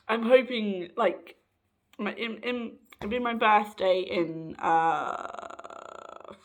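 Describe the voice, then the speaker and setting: A young man chatting to camera, excitable and rambling, with a slightly croaky, raspy voice. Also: high voice, unhurried. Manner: excitable, rambling, with many restarts. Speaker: vlogger. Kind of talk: casual chat to camera.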